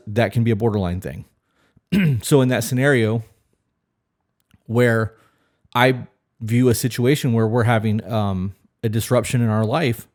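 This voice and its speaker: A man's voice: mid-range voice, darkish tone. A man co-hosting a podcast, talking frankly and questioningly in casual chat, swearing freely. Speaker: podcast co-host.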